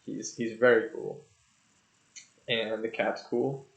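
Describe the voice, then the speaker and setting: A young music reviewer speaks slowly in a fairly low, fairly bright voice with vocal fry and little pitch movement. He casually reviews an album on his channel, rambling, joking, and swearing loosely. The recording has a dull lo-fi sound in an echoey room.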